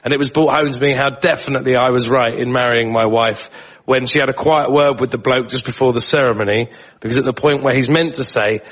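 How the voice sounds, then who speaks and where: A man's voice: mid-range voice, steady tone, fairly quick, a bit bright. Dry male storyteller on a panel show. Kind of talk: comic anecdote on a panel show. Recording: lo-fi broadcast sound.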